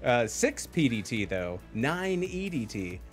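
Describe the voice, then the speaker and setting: A man's voice: mid-range voice, very animated, slow, soft background music. A man casting an esports match live, chatty, laughing often and thanking his chat. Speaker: esports caster. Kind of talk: casual live stream commentary.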